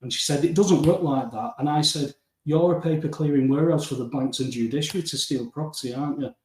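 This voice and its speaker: A man telling his story as an interview guest, acting out the back-and-forth with lively emphasis. His voice sits fairly high for a man. He sounds a little away from the mic, in a noticeably echoey room. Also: fast. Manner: animated storytelling, acting out dialogue, often addressing the host by name. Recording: roomy, distant mic.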